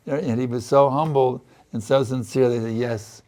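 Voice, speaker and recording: A man's voice: mid-range voice, steady tone, moderate pace, dark tone. A man giving a spiritual sermon, telling a story and acting out earnest, pleading prayers. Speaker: spiritual teacher.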